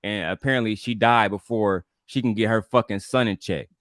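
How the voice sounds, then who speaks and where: A man's voice: on the low side, fairly quick, fairly bright tone, no echo, clean studio sound. A man, co-hosting a stream and ranting bluntly with profanity. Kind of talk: casual streamer chat.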